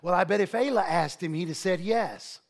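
A man preaching a sermon as pastor, animated, with storytelling asides. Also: sits high, moderate pace, gravelly.

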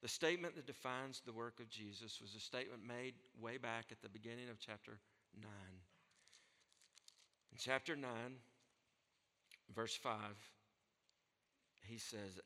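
A man preaching a sermon as pastor, moving between soft, hushed lines and loud, emphatic declarations. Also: medium pitch, unhurried, long pauses, in a large hall. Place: church sanctuary.

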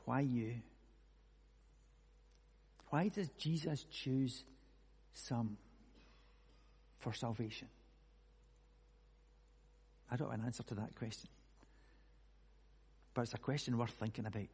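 A man preaching a conversational sermon, musing aloud with many rhetorical questions and moving between hushed and loud delivery. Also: medium pitch, slow, pauses often, slightly rough. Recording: long echoey hall reverb.

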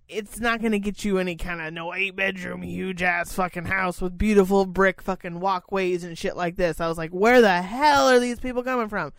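A woman tells a meandering story on a casual podcast, dropping swear words as she goes. Her voice comes through smooth and clear. The sound is dry and close, with no room echo. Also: medium pitch. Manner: rambling, profane storytelling. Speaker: podcast co-host. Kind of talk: casual chat.

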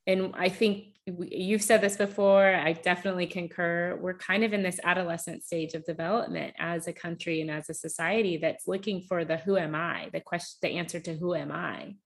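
A woman's voice: on the low side, brisk, hardly any pauses. A woman from the United States speaking animatedly and thoughtfully in a reflective conversation. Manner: animated, thoughtful, acts out quoted voices.

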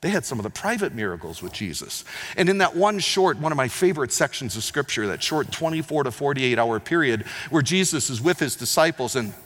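A man preaching a sermon, swinging between loud emphatic lines and quiet, low asides. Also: lively intonation, a little fast. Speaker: pastor. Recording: long hall reverb.

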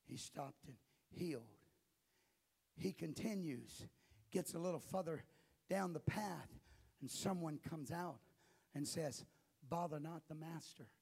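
A pastor delivers a sermon in a high, bright voice with a raspy, gravelly edge. He speaks slowly and deliberately, then climbs to fervent shouts. The delivery is forceful and insistent. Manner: building to impassioned shouting.

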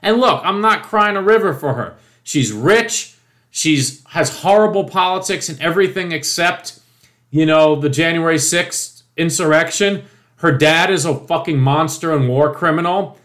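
Fired-up male commentator, higher voice, swears freely, emphatic and scornful. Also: moderate pace, a bit bright. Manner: profane, indignant, emphatic ranting; mocking quoted voices. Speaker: political commentator. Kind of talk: opinion monologue.

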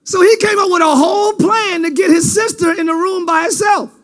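A male preacher giving an animated sermon in casual slang, often breaking into shouts. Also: very high voice, a little fast.

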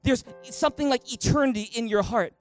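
A man with a notably high voice preaches from a church stage, passionate and insistent. He hammers his points home with repeated rhetorical questions, and soft music plays faintly behind him. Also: fairly quick. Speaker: pastor. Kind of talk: sermon.

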